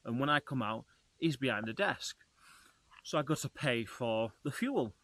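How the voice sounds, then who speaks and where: A travel vlogger tells his story to camera with an animated, talkative energy. His voice is bright and sits close and dry, with no room around it. He speaks directly to his viewers as he goes. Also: medium pitch, moderate pace, no echo. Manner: lively, chatty, talks straight to viewers.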